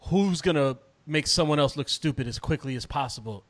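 Laid-back man podcast co-host, higher voice. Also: fairly quick. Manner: laid-back, swears, drops low when dismissive. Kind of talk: casual chat.

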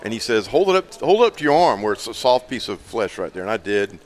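A man's voice: on the low side, big pitch swings, fast. A man, co-hosting a radio show and telling a funny story in casual chat, laughing often. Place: live remote broadcast at a store.

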